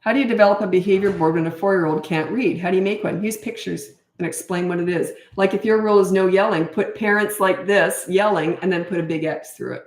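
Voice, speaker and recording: Chatty woman parenting coach, roomy echo. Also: mid-range voice. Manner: chatty and animated, quick asides, reads questions aloud. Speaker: parenting coach answering viewer questions. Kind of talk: casual Q&A talk.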